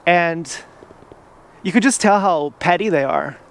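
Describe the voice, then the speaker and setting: A man's voice: sits high, unhurried. A man vlogging outdoors from an e-bike, rambling in a casual monologue full of "like" and restarts.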